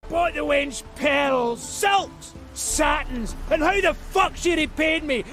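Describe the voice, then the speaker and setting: A man's voice: very high voice, lively intonation, takes it slowly, sharp tone, faint music behind, full character voice. An actor playing an angry, bitter male dwarf from a video game, ranting about his troubles. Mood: furious. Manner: ranting, bellowing complaints.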